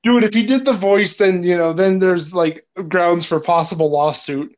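A man's voice: high-pitched, moderate pace. A man, a film director, chatting casually on a podcast, telling crude anecdotes and laughing often.

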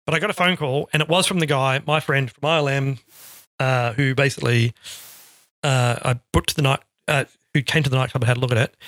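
A middle-aged man from Australia, an interview guest telling animated stories and acting out quotes. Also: mid-range voice, a little fast, no echo, studio quality. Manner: animated, acts out quotes in storytelling. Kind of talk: casual storytelling.

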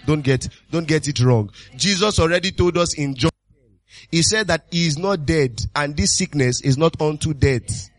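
A man preaching a sermon as pastor, exuberant and full of repeated calls and sudden shouts. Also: a little high, normal speed, no room sound.

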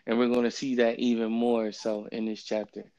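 A man hosting a casual Bible study podcast, talking in a relaxed, rambling way with plenty of fillers, recorded remotely on his phone. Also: medium pitch, normal speed, muffled recording. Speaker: podcast host. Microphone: phone app, remote recording.

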